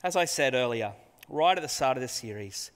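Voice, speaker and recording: A man's voice: medium pitch, lively intonation, fairly quick. A man preaching a sermon, earnest and conversational, putting rhetorical questions to his congregation. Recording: long hall reverb.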